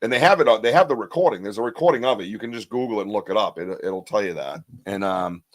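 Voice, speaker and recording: A man's voice: lowish voice, animated, quick pace, no room sound. A man hosting a live podcast, chatting loosely, joking and rambling in slang. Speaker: podcast host. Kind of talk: casual live-stream chat.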